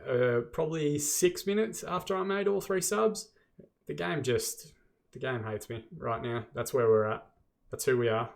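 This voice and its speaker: An Australian man hosting a football management video game series, narrating match play with exasperated, self-deprecating commentary. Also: medium pitch.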